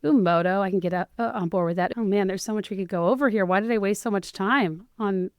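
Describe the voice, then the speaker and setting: A woman in her thirties with a hoarse voice, hosting her own podcast in a chatty, self-deprecating, rambling way. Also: mid-range voice, fast, dry recording, studio quality. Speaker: podcast host. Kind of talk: casual solo podcast chat.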